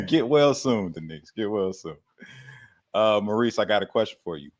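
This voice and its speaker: A man with a lowish, slightly bright voice takes things slowly while hosting a fitness Q&A livestream as a coach. The chat is casual and slangy, with plenty of laughing and casual swearing.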